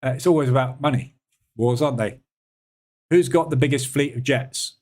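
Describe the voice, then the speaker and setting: A man's voice: mid-range voice, normal speed, a little mellow. Sarcastic British man hosting a live stream. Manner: sarcastic, chatty, reads and answers viewer comments. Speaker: trading room host. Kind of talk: casual live-stream chat.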